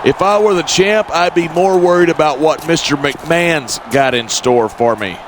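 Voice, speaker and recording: An actor playing an opinionated male former champion doing color commentary in a wrestling game, gruff and grumbling. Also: on the high side, normal speed, lightly acted. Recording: loud crowd and game noise.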